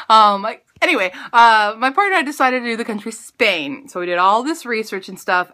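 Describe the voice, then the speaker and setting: A woman vlogger in her late twenties or thirties, telling a story in a casual, animated, self-mocking way, her pitch jumping up for emphasis.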